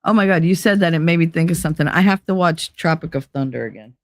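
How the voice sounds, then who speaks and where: A woman's voice: deep voice, quick pace, no room sound. Laughing, foul-mouthed woman streamer, dry sound. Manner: candid and profane, laughs often; acts out quoted voices. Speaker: livestream host. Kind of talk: casual live-stream chat.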